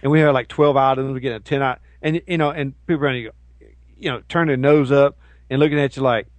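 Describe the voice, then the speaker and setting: Animated ranting man, dry sound. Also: mid-range voice, fast talker, dry recording. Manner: ranting, animated, mocks with put-on voices. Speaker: co-host. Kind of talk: casual chat show banter.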